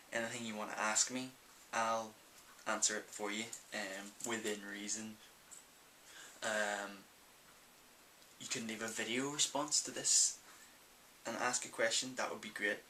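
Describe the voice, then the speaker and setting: A young Northern Irish man chats through viewer questions in a loose, rambling way, with plenty of ums. His voice is low-pitched but very bright and forward. A faint hiss sits under the recording. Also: flat delivery, measured pace, poor audio. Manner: chatty and rambling, many ums. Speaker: vlogger. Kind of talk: casual Q&A vlog.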